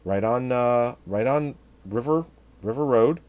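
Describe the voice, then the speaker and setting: A man's voice: medium pitch, a little slow. A man co-hosting a podcast, chatting casually about a horror film and acting out scenes with laughs. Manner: animated, acts out scenes with voices and laughs. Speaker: podcast co-host. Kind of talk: casual movie review chat.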